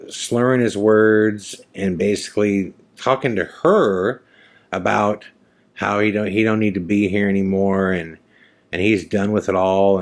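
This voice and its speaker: A man with a very low, deep voice recounts a personal story as a podcast host. He talks loosely and conversationally, often restarting sentences and leaning on fillers.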